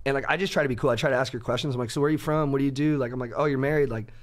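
A man co-hosting a podcast, telling a story in an animated, profane way. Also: medium pitch, rapid-fire. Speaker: podcast co-host. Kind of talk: casual podcast chat.

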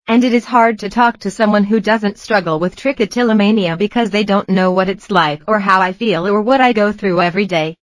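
A computer-generated woman's voice reading out a personal vlog in an even, mechanical way. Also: medium pitch, fairly quick, hardly any pauses, no echo, low-quality recording. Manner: evenly read, mechanical delivery. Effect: computer-generated text-to-speech voice. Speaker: vlogger. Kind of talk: text-to-speech narration of a personal vlog.

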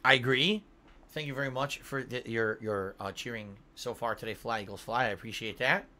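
A tired male streamer livestreams from home, talking a little fast in a medium-pitched, sharp-toned voice. He rambles casually, swears now and then, reads donor messages aloud, and yawns between thoughts.

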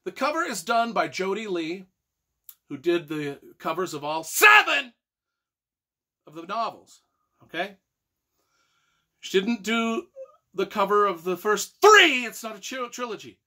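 Middle-aged man, author-reviewer, exasperated and emphatic rant, high and swooping, bright edge. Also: very animated, slow pace, long pauses. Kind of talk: ranting book review video.

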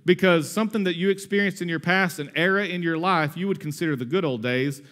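A man in his thirties preaching a sermon in a conversational, energetic way, with asides and humor. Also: sits high, quick pace. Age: 30s. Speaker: pastor.

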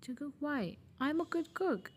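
Woman voicing a cold possessive young mafia man, hushed. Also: high voice, animated, a little slow, voice pushed up. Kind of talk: fan audio drama.

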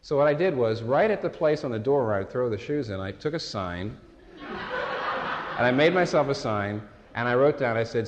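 A man delivers a sermon in a loose, conversational way, telling stories and often circling back to restart a phrase. His voice sits at an ordinary middle pitch. The recording carries a long hall reverb. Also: animated, moderate pace, highs cut off. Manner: conversational, anecdotal preaching with frequent restarts. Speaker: pastor.

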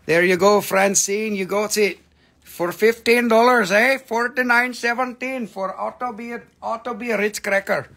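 A man's voice: sits high, fairly even intonation, moderate pace, pushed and bright. A man hosting a live mineral sales stream, talking in a joking, rambling, playful way as he announces prices. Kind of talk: casual live selling banter.

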